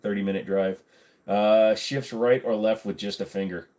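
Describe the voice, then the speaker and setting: Man, low voice, casual livestream host, jokey and chatty, reading chat aloud. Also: fairly even intonation, normal speed, a little mellow.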